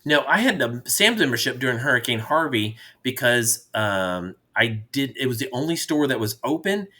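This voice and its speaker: A man's voice: mid-range voice, animated, normal speed, sharp tone. A middle-aged man co-hosting a casual chat with his daughter, telling rambling, jovial stories. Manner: jovial storyteller, rambling with restarts. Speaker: podcast co-host, father.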